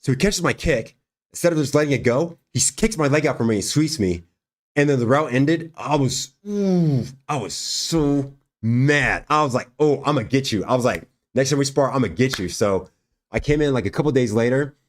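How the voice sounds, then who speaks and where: A man's voice: mid-range voice, a little fast. A young man hosting a livestream, casually telling a story and acting out the dialogue with frequent laughs. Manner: animated, acts out quoted dialogue, laughs often. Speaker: livestream host and fighter.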